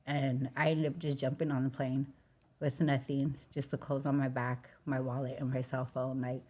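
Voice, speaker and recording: Low-voiced woman sharing her story. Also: little pitch movement, normal speed, darkish tone. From Los Angeles. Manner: casual and heartfelt, full of "like" and "you know". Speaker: guest. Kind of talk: candid personal recovery story.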